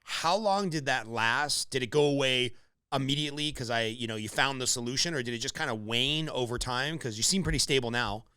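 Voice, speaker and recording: A man's voice: mid-range voice, brisk, sharp tone, clear, resonant tone. A man hosting a podcast interview, casual and sympathetic in his questions. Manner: casual, empathetic, conversational, swears lightly. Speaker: podcast host. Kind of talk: interview conversation.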